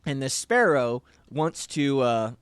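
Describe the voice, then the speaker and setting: A man's voice: medium pitch, big pitch swings, slow, clear, resonant tone, dry recording, studio quality. A man co-hosting a casual movie review show, rambling, with many restarts and fillers. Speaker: podcast co-host.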